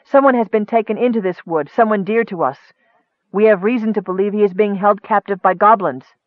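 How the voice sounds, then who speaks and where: A man voicing a proud, defiant young woman who is a swordswoman, speaking forcefully. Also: high-pitched, a little fast, no room sound, voice pushed up, natural voice. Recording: tinny phone-like dry sound.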